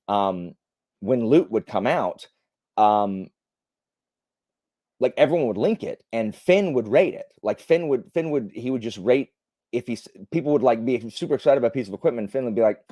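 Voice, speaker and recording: A young man chatting on a livestream, his pitch swinging up and down as he tells a rambling story. He leans on fillers and restarts, and the sound is close and dry, with no room echo. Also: dark tone. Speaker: livestream host. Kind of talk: casual chat.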